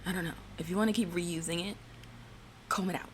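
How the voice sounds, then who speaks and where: Low-voiced, blunt woman vlogger. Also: fairly even intonation, brisk, slight background noise. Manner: blunt, profane, rambling with fillers. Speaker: reality TV recap vlogger. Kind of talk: casual commentary.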